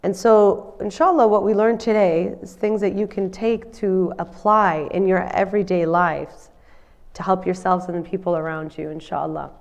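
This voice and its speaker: A woman's voice: fairly low pitch, steady tone, moderate pace, creaky, lo-fi sound. A woman counsellor giving a live presentation to an audience. She sounds nasal from a cold and talks in a friendly way, often checking in with the listeners. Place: community centre in front of an audience.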